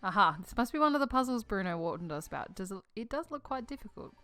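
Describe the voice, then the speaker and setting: A woman voicing a calm, courteous middle-aged gentleman professor in a puzzle game. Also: medium pitch, quick pace, no room sound, soft background music.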